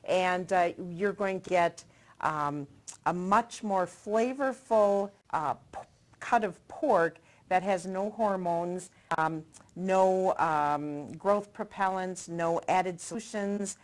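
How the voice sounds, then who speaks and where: Chatty woman TV host, lower voice. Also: slow. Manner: chatty, promotional, tastes food while talking. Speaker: TV show host. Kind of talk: casual cooking segment chat.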